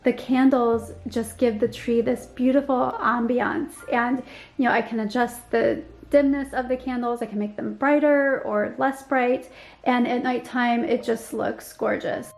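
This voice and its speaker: Woman, home tour vlogger, slightly high voice, gushing, a bit hoarse, soft music underneath. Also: fairly even intonation, unhurried. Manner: gushing, enthusiastic, frequent ums and likes. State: slightly losing her voice. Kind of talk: casual home tour narration.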